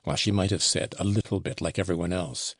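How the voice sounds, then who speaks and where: A man's voice: deep voice, steady tone, a little fast, husky, no room sound, studio quality. A man reading a sullen, proud young male servant who talks curtly and disdainfully in an audiobook. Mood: scornful. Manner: curt, disdainful.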